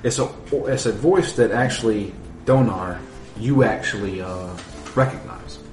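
A man's voice: fairly low pitch, measured pace, darkish tone. A man narrating as game master of a tabletop game, laughing often and describing scenes. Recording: echoey room with faint noise.

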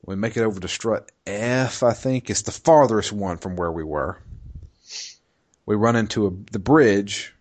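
Low-voiced man casually retelling a game. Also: measured pace. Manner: rambling, swears freely, laughs often. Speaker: podcast co-host recapping a game. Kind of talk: casual storytelling chat.

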